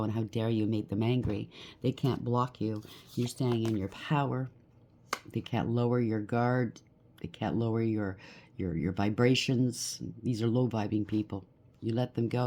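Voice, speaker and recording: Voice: mid-range voice, dark tone. A tarot reader giving a collective reading, blunt and emphatic, rattling off lists of traits and often checking in with "okay?".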